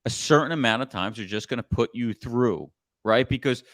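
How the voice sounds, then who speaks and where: A middle-aged man coaching on sales in a casual podcast chat, blunt and animated, sometimes swearing. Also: mid-range voice, moderate pace, dry recording, studio quality. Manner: blunt, animated storytelling with profanity.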